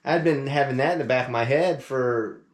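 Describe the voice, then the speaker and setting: A man at an everyday middle pitch tells a trip story in a loose, rambling way, full of fillers and little acted-out quotes. His voice rings in an echoey room. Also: normal speed. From Louisiana, USA. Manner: rambling, filler-heavy, acts out quoted phone calls. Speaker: podcast co-host. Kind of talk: casual storytelling chat.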